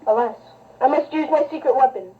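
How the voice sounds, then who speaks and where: A woman voicing a solemn male king in a homemade storybook joke, speaking in slow, grave pronouncements. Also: high-pitched, voice pushed down, close to an everyday voice. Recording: distant, dull lo-fi tape.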